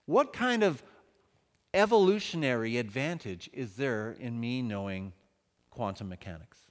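Animated man speaking in a hall. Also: mid-range voice, a little slow. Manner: animated, joking, conversational. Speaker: speaker at a church event. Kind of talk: humorous talk on faith. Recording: reverberant hall.

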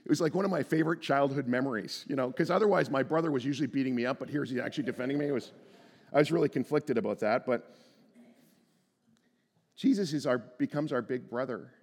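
Earnest preacher in an echoing sanctuary. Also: male voice, medium pitch, quick pace, breathy edge. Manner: earnest, swings from hushed to emphatic, repeats words when starting. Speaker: pastor. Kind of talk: sermon. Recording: long reverb from a large room.

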